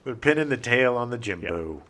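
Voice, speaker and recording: A man's voice: medium pitch, sing-song, moderate pace, bright, forceful tone. A middle-aged American man co-hosting a podcast in casual chat, joking and self-deprecating. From United States. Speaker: podcast co-host.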